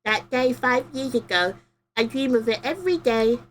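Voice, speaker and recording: A woman voicing a timid adult male convict with a childlike, halting and wistful way of talking, reading game dialogue aloud. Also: on the high side, lively intonation, a little hiss or hum, pitched above the performer's own voice, close to an everyday voice.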